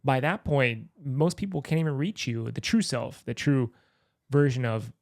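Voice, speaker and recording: A man's voice: medium pitch, lively intonation, normal speed, vocal fry, a little mellow, no echo, studio quality. A man hosting a podcast interview, talking in a reflective, philosophical way.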